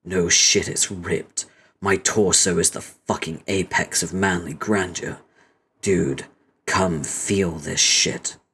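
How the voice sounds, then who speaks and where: A man's voice: low voice, fairly even intonation, slow, pushed and bright, slight background noise, heavily acted. A man voicing a crude, pushy male robot who brags nonstop about his muscles. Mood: boastful pushy. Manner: insistent, crude bragging.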